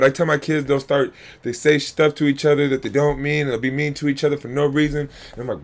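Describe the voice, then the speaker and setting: A man's voice: on the high side, steady tone, fast, few pauses. A man, a youth coach, giving heated reaction commentary, emphatic and angry, repeating himself and swearing. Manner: angry and worked up.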